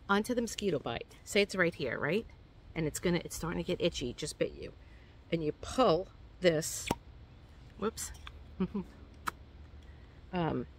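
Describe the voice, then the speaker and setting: This hiking vlogger from New York talks through her gear in a casual show-and-tell, rambling along with lots of ums and uhs in her New York accent. Her voice is fairly low and a bit bright, with a little hiss or hum on the recording.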